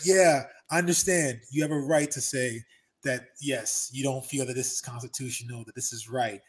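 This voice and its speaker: A man talking as an interview guest, telling stories emphatically and repeating himself for effect. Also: on the high side. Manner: emphatic, animated storytelling with repeated phrases. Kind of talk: casual interview talk.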